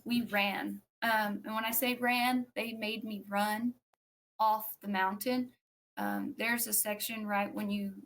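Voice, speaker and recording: A woman, a podcast guest, tells a personal story in a conversational way, acting out what others said and pausing with fillers. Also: medium pitch, creaky, slight background noise. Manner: animated, acts out quoted speech; frequent fillers and restarts.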